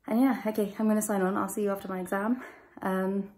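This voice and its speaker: A woman's voice: medium pitch, level tone, fast talker, hardly any pauses, a little mellow. A young woman, chatting casually in a home vlog, rambling and self-deprecating as she talks from her bedroom. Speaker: vlogger.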